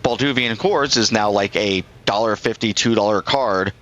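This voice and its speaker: A man's voice: on the low side, normal speed, fairly bright tone, no room sound, rough recording. A middle-aged man on a live stream, telling a rambling anecdote and acting out both sides of the conversation. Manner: rambling storyteller, acts out both sides of the dialogue.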